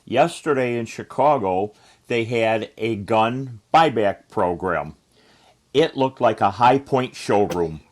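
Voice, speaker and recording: A man's voice: mid-range voice, animated, slow. A man co-hosting a podcast, chiming in with dry, wry remarks in casual chat. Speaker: podcast co-host.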